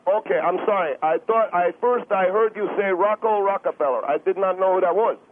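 Rambling high-voiced radio caller. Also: male voice, fairly quick. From Minneapolis–Saint Paul, US Midwest. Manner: rambling, interrupting, hesitant fillers. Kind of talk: heated call-in debate. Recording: tinny phone line with faint noise.

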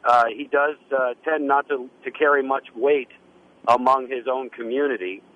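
A man hosting a radio call-in show, talking in a hesitant, halting way with many restarts. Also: mid-range voice, steady tone. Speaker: radio talk host. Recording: muffled lo-fi sound.

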